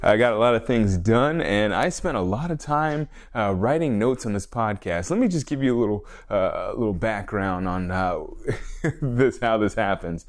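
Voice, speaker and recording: A man's voice: lowish voice, lively intonation, normal speed. Rambling, laughing man hosting a podcast. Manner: rambling, self-correcting, frequent laughs and fillers. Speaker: fitness podcast host; personal trainer. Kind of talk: casual solo podcast monologue.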